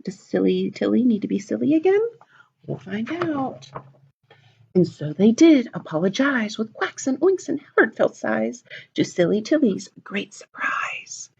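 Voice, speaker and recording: A woman librarian reading a picture book aloud at a children's storytime, animated and asking the kids questions. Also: a little high, unhurried, vocal fry, breathy edge. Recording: dull lo-fi recording.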